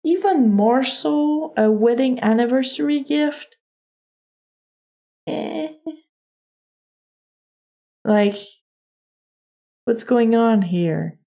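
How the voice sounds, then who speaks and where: A woman's voice: on the high side, animated, drawn-out words, vocal fry, pauses often, mellow. A woman streamer giving casual, chatty commentary while playing a game, joking and laughing often. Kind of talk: casual let's-play commentary.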